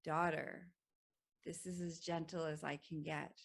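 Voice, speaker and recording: A woman voicing a gentle, loving, motherly female plant spirit who speaks softly and calmly. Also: deep voice, measured pace, gravelly, full character voice. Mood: tender. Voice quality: soft and hushed. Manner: tender, calm, consoling.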